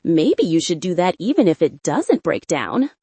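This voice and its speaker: A woman's voice: fairly low pitch, very animated, normal speed, dark tone, husky, dry recording. Woman voicing a blunt old grandmother with a Spanish accent. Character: blunt 77-year-old grandmother, tiny and bossy. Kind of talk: audiobook character voice.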